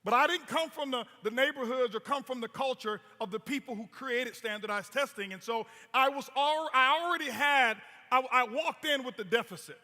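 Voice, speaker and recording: High-voiced man giving a motivational stage talk. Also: moderate pace, few pauses, sharp tone. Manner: storytelling, punchy repetition, rhetorical questions. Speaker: network marketing presenter. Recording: long hall reverb.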